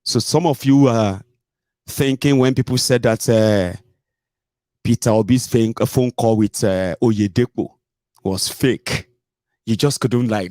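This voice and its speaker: A man's voice: medium pitch, a little slow, a little mellow, dry recording, studio quality. A Nigerian man hosting a casual livestream, chatty, mixing in pidgin and frequent "eh" and "omo". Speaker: host.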